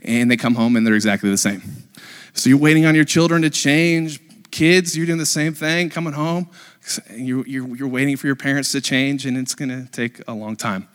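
A man in his thirties, a pastor, giving a lively, joking live sermon to his congregation, with lots of fillers and restarts. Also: medium pitch, normal speed, clear, resonant tone. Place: church sanctuary with a congregation. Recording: long reverb of a church hall.

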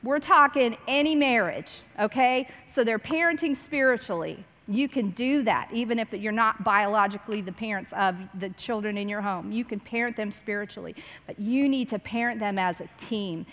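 A woman giving a casual, animated Bible teaching on parenting, acting out voices as she quotes. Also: on the high side, moderate pace. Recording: long reverb.

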